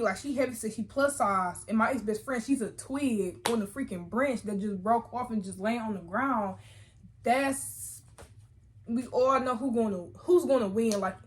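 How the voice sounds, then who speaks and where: Young woman spilling a storytime, slangy and animated, kinda high voice, keeps correcting herself. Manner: animated, chatty, slangy, quick self-corrections. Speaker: storytime vlogger. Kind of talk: casual storytime chat.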